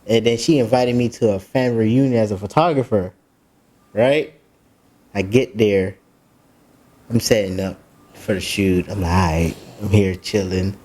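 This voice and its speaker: A man's voice: on the low side, normal speed, long pauses. A man, a podcast co-host telling a story in casual chat, laughing and acting out the people in it. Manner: animated, laughing, acts out voices in the story.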